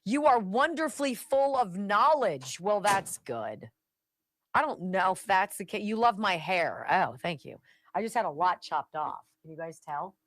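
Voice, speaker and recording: A woman's voice: medium pitch, expressive, unhurried, dry recording. A woman hosting a talk radio show, giving sarcastic political commentary and chatting with her live audience. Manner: sarcastic and chatty, drops to asides.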